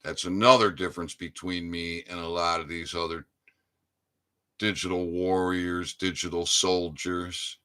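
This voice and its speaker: Older man, furious activist monologue, slow and deliberate, tense and sharp tone, loud bursts then low mutters. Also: level tone, smooth. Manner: angry, ranting, swings from loud outbursts to low muttering. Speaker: activist channel host. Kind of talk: impassioned monologue.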